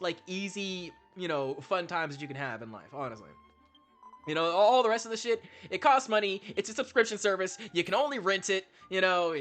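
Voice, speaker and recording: A man chatting his way through a game playthrough, rambling and swearing as he philosophizes. His voice is bright and forceful with a very animated pitch. Soft game music plays beneath him. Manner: rambling, swearing, musing aloud. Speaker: let's play streamer. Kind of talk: casual gameplay commentary.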